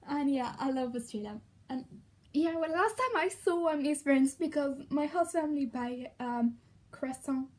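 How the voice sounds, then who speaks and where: A young French woman with a French accent, gushing excitedly in a casual vlog and laughing often. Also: high voice, normal speed. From France. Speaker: vlogger.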